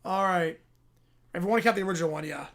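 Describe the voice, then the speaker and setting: A man's voice: high voice, fast, a bit bright. A man hosting a livestream, reading and reacting in casual chat with incredulous asides. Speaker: livestream host.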